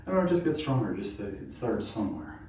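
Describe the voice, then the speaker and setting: A man's voice: lowish voice, big pitch swings, brisk, background noise. A man talking casually to camera during a home workout, out of breath, with lots of fillers as he thinks aloud. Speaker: vlogger doing a home workout. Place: room at home. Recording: very echoey room, mic far off.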